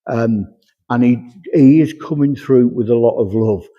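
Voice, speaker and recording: A man working as a medium at a church service, chattily passing on spirit messages with a steady run of "he says". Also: medium pitch, measured pace. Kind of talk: platform mediumship demonstration. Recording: echoey hall, dull lo-fi sound.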